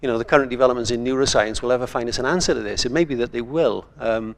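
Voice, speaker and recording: A man's voice: mid-range voice, very fast, creaky. An older man from Wales, a writer speaking on a conference panel in a thoughtful, digressive way.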